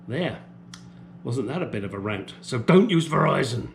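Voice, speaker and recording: A man's voice: mid-range voice, big pitch swings, normal speed, vocal fry, a little hiss or hum. A man from the UK delivering an angry, profane opinion rant as a vlogger.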